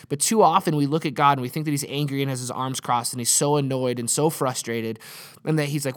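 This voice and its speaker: A man's voice: medium pitch, fast talker. A man in his late twenties, a pastor giving a conversational sermon in an earnest way, often restarting and repeating words.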